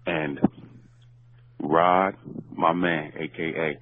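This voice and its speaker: Deep-voiced male caller on muffled voicemail. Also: little pitch movement, extremely slow, no room sound. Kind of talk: recorded voicemail message.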